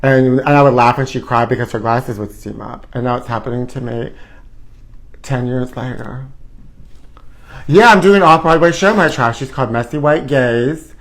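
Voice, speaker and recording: A man's voice: mid-range voice, normal speed, rough recording. Campy, sassy man hosting a gossip show. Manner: campy, sassy, theatrical, calls viewers honey. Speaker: host. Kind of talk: campy live gossip chat. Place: hot indoor studio.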